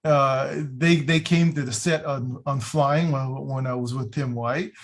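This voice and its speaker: A man telling stories in a casual interview, animated, acting out quotes with lots of fillers and restarts. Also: mid-range voice, unhurried. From United States. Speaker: guest, illusion builder.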